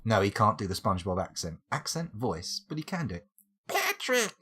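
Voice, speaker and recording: A man chats his way through a game on a live stream, wandering into silly tangents and enjoying odd words. His voice is slightly husky, and his pitch leaps around animatedly from line to line. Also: very animated, a little fast, a bit bright. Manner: rambling, playful tangents and wordplay. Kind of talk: casual live-stream gameplay commentary.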